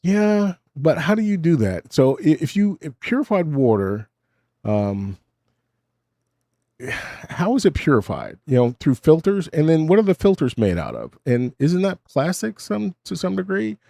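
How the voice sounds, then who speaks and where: A middle-aged man talks in a rambling, self-mocking way, and his voice swings widely in pitch. His tone is dark and mellow, and it sounds dry and close. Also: big pitch swings, a little slow, gravelly, no echo. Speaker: host. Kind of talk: casual monologue. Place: home desk.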